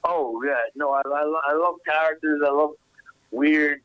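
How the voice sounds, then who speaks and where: A man who is a comedian guest on a radio show, answering enthusiastically with halting restarts. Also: on the high side, level tone, fairly bright tone, dry recording, highs cut off. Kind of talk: radio interview.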